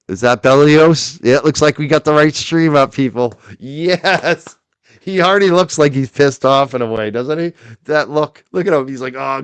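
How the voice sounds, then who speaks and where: A man's voice: mid-range voice, clear, resonant tone, dry recording. A man hosting a casual livestream, chatting animatedly with his chat, joking and swearing as he waits for a court feed. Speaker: livestream host.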